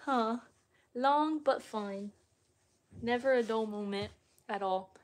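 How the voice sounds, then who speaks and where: A woman's voice: on the high side, slow. A young woman, chatting casually to her phone on a live stream from her home. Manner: chatty, folksy, laughs easily. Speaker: mom vlogger. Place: family home, indoors.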